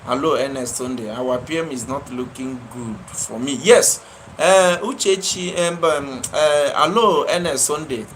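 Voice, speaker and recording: A man's voice: mid-range voice, a little slow, fairly bright tone, slight background noise, rough recording. A man with a Nigerian accent hosting a live stream, answering viewers by name and scolding them with fiery, repetitive emphasis. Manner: impassioned, scolding, repeats his phrases for emphasis. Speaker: livestream host.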